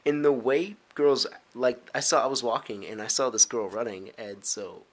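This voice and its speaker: A man's voice: medium pitch, normal speed. A young man in his teens, rambling casually to camera in a vlog, full of filler words, restarts and giggly asides. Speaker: vlogger.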